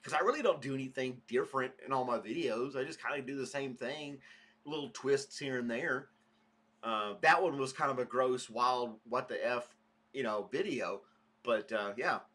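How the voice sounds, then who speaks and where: A man's voice: medium pitch, moderate pace, fairly bright tone. A man hosting a casual morning livestream podcast, rambling chattily and greeting viewers by name. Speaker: podcast host.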